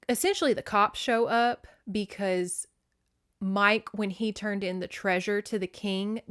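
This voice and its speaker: A woman's voice: medium pitch, a bit bright, smooth. Chatty, profane woman recapping a book. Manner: chatty and profane, with lots of "like" fillers. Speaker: podcast host.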